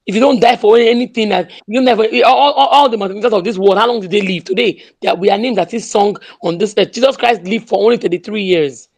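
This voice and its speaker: A woman with a Nigerian accent speaks with fierce conviction, hammering home the same slogans again and again. Her voice sits at a middle pitch, and she slips into pidgin phrases as she rallies her listeners. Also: fast, few pauses, a little mellow. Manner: emphatic, repeats slogans, mixes in pidgin. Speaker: speaker in an online audio room. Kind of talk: impassioned political speech.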